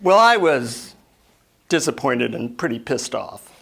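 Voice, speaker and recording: Gravelly man giving a motivational keynote. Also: medium pitch, a little slow. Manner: storytelling with lively voiced asides. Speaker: keynote speaker. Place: stage before an audience.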